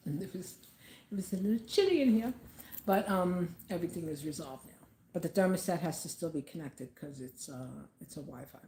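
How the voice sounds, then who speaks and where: A woman vlogging from home, talking casually and haltingly about grief with many fillers. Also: lowish voice, dark tone, echoey room.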